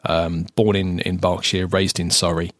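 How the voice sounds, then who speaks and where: A man's voice: low-pitched, flat delivery, unhurried, a bit bright, no echo, studio quality. A man from the south of England with a southern English accent, hosting a casual podcast chat and talking with frequent restarts and fillers. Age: adult, lived ten years in current home. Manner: chatty, hesitant with many restarts. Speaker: podcast host.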